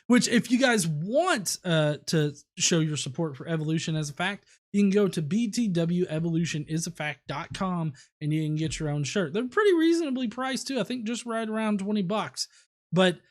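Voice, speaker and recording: Foul-mouthed ranting male streamer. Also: a little high. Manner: profane, rambling, quick to rant. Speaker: livestream host. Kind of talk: casual livestream commentary. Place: at home.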